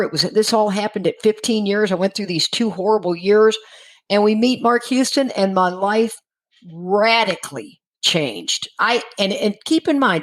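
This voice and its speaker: A woman's voice: fairly low pitch, low-quality recording. A middle-aged woman from Texas sharing her personal recovery story candidly, acting out the dialogue of the people in it. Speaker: guest speaker in recovery.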